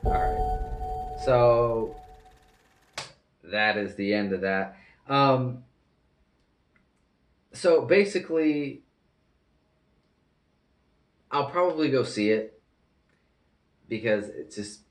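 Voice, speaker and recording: A man's voice: medium pitch, very slow, long pauses, reverberant, far from the mic. A man giving an earnest, rambling, casual reaction to a film as a movie reviewer.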